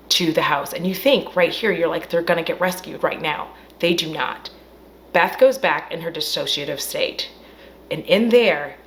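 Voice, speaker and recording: A woman recapping a horror film in a casual, animated way, acting out the characters' lines and swearing freely. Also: deep voice, a little hiss or hum. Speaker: film reviewer. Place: at home.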